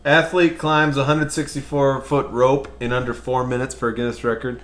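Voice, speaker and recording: A man's voice: mid-range voice, flat delivery, moderate pace, a bit bright. Podcast host, a man reading out odd news with jokes, roomy echo. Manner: reads news headlines aloud and jokes about them. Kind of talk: casual podcast chat.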